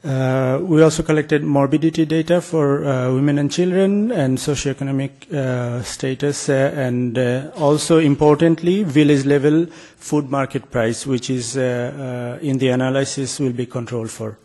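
A man's voice: mid-range voice, fairly even intonation, moderate pace, mellow. A man presenting a research project in an academic talk, hesitant, with many filler sounds and restarts.

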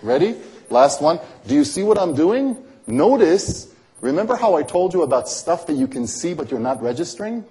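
With a fairly high, sing-song voice and a dark tone, a man moves at a moderate pace through a close-up magic routine. He teases his volunteer playfully and keeps coaxing with constant questions.

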